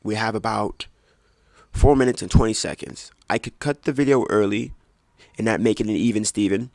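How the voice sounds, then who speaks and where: Low gravelly man rambling casually. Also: moderate pace, a little mellow, no room sound. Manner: chatty, self-correcting, jokey asides. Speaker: podcast host. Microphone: close desk microphone.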